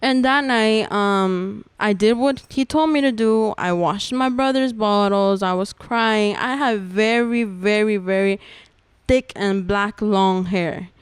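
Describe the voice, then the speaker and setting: A young woman recounting a personal testimony as a podcast guest. Her voice is strikingly smooth and clear, with a mid pitch. She tells it earnestly and casually, leaning on "like" as she goes, recorded close and dry. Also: takes it slowly, dry recording. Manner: earnest storytelling, many "like" fillers.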